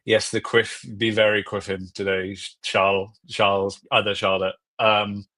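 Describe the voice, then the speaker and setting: Man on a podcast panel, low voice, rambling, self-mocking, casual chat. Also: level tone, measured pace, sharp tone, no echo.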